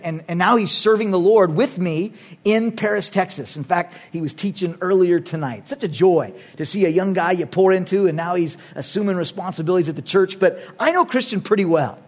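A middle-aged male pastor with a notably high voice delivers a sermon. He preaches emphatically, pressing his points loudly and then dropping to quiet, earnest asides. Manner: emphatic, swings between loud urging and quiet earnest asides.

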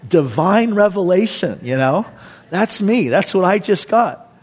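A man's voice: high voice, expressive, a little slow, husky, full character voice. A man voicing a cocky young male disciple, boastful and casual, inside a sermon.

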